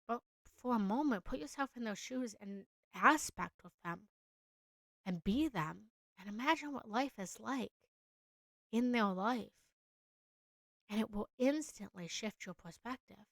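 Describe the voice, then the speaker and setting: Slow, gravelly-voiced woman coaching earnestly. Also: medium pitch, a bit bright, no echo. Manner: earnest, repetitive, affirming. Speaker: spiritual coach. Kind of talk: live coaching session.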